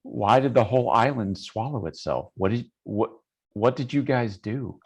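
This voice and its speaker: A man voicing a wary, professional woman sailor who speaks politely and haltingly, with many stops and restarts. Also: mid-range voice, animated, breathy edge.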